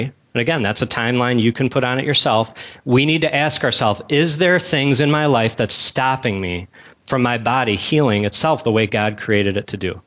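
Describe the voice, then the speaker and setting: Man, church class teacher, conversational with asides and questions, gum in his mouth, mid-pitched, somewhat muffled recording. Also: a bit bright. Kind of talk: casual Bible teaching to a class.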